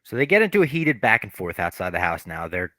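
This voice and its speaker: A low-voiced man talks through a TV episode on a casual podcast, recorded dry and close to the mic. He tells it with energy and drops into brief impressions of the characters as he goes. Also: fast talker, no room sound. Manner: animated retelling, acts out quoted characters. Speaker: podcast co-host.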